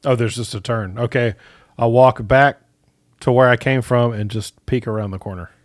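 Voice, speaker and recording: A man's voice: medium pitch, steady tone, moderate pace. A man playing a tabletop role-playing game, talking in a hesitant way and thinking aloud. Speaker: player. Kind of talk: casual tabletop role-play.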